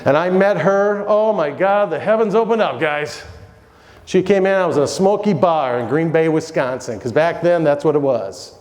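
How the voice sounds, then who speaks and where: Keynote speaker, middle-aged man, storytelling energy, voice ringing through a reverberant room. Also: moderate pace. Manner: animated storyteller, swings between loud highs and low asides. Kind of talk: motivational keynote talk. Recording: echoey hall, long reverb.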